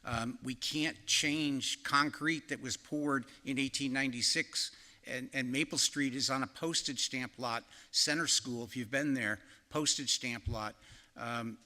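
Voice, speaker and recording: A man addresses a community forum in an earnest, halting way, restarting his sentences as he goes. His voice is very bright and crisp, with a middling pitch. A long reverb from the meeting hall trails behind his words. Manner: earnest, halting with repeated starts. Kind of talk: speech at a public forum.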